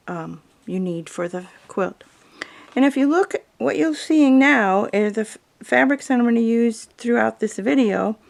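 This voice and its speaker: A woman teaching a quilting tutorial in a calm, explanatory way, talking through fabric choices as a voice-over. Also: medium pitch, creaky. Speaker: quilting instructor. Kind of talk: video tutorial narration.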